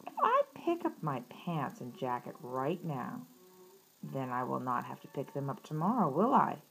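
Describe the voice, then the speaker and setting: A woman's voice: extremely low pitch, very animated, moderate pace, vocal fry, heavily acted, poor audio. A woman voicing a lazy, grumbling male toad in a children's storybook read-aloud, whiny and fond of putting things off. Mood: earnest.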